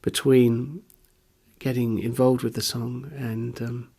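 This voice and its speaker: A man's voice: mid-range voice, little pitch movement, slow, creaky, dark tone, husky. A man, a musician, speaking in a candid interview, hesitant and searching for words, openly earnest and emotional.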